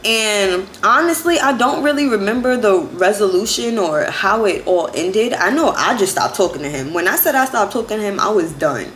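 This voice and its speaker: A woman's voice: medium pitch, moderate pace, few pauses, reverberant, a little hiss or hum. Chatty young woman telling a story. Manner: chatty, animated, full of "like". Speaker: vlogger. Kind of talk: casual storytime.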